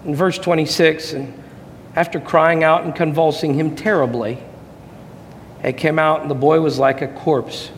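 High-voiced man preaching in a hall. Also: steady tone, moderate pace, a little hiss or hum. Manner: impassioned preaching, rising and falling intensity. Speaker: pastor. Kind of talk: sermon. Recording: long hall reverb, faint ambience.

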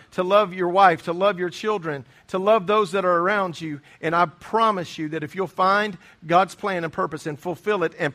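Earnest preaching man, higher voice. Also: fairly bright tone. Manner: earnest, emphatic preaching with repeated phrases. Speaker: pastor. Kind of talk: sermon.

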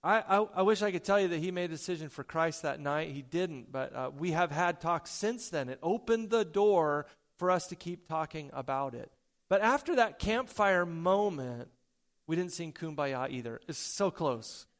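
A man preaching a sermon, telling a personal story with loud emphasis, soft asides and stammered repeats. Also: a little high, moderate pace. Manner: stammers and repeats words when excited. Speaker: pastor.

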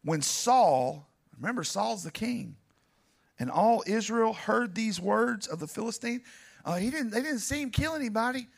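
A gravelly, high-sitting male voice with lively intonation moves at a normal speed. The preacher delivers a dramatic, animated sermon, speaking right to his congregation and climbing toward a near shout.

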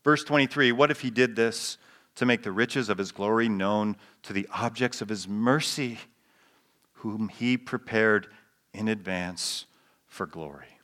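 A pastor preaching a sermon to a live congregation. He jokes with the people in the pews and slows down to read scripture with emphasis. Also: fairly low pitch, fairly bright tone. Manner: playful, joking asides with the congregation; reads scripture slowly with emphasis. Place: church sanctuary with live congregation.

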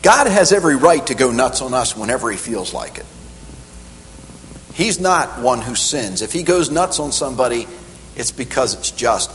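A middle-aged man preaching a sermon in a church hall, emphatic and animated, climbing higher on the key points. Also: normal speed. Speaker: pastor. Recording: echoey hall with faint hum.

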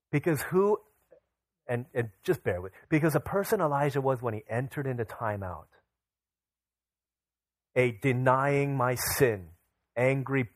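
A man delivers a sermon in a mid-range voice, recorded close and dry with no room echo. He pushes louder and higher to drive home his main points, then sinks to a soft, low voice when telling stories from home. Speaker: pastor.

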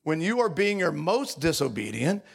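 A man's voice: fairly high pitch, sing-song, normal speed, vocal fry. A man preaching a sermon in a conversational, confessional way. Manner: conversational, confessional, mimics voices in anecdotes.

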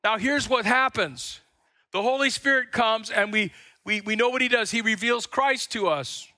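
Animated older male pastor preaching. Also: high voice, moderate pace, dry recording, studio quality. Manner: animated storytelling, acts out quotes; stumbles and repeats words. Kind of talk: sermon.

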